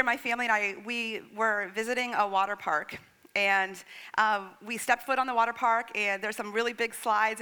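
Woman pastor, thirties, preaching, high bright voice, expressive storyteller. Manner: storytelling, expressive, acting out her child's lines. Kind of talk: sermon.

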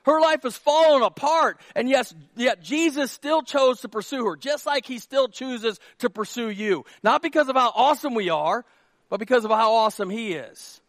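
A male pastor preaching a sermon in an animated, joking way, shouting at times for emphasis. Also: very high voice, moderate pace, no room sound.

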